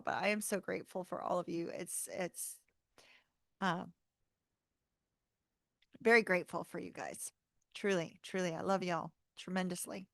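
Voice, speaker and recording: Female tarot streamer, relaxed chatty host, gravelly, dry close sound. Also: on the low side, measured pace, pauses often, no room sound. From North Carolina, US. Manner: chatty, warm-hearted, laughs often, says y'all. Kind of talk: casual livestream chat.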